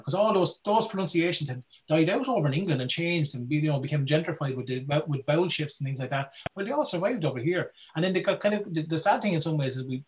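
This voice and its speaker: A man talks quickly and with energy. He speaks as a folklorist in a relaxed talk and restarts his phrases as ideas tumble out. His voice sits a little high for a man. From Ireland. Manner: animated, repeats words while thinking. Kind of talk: casual talk with questions.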